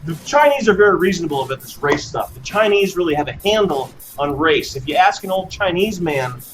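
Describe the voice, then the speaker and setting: A man's voice: fairly high pitch, expressive, a little fast, a little hiss or hum. A man delivering a mocking comedic rant in a sarcastic, sing-song manner, often tagging lines with "okay?". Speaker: comedic host.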